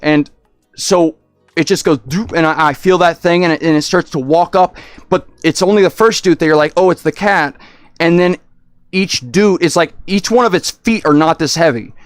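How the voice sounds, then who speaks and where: Young male streamer, slightly high voice, halting and rambling delivery with frequent swearing, dry close-mic sound. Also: clear, resonant tone, no room sound, soft background music. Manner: halting, full of restarts and "like", swearing. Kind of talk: rambling livestream storytelling.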